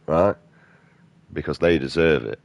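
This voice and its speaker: A man's voice: rumbling low, a little slow, vocal fry, lo-fi sound. A man, a gaming streamer delivering an aggressive, profane rant in blunt slang. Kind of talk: angry off-topic rant during gameplay.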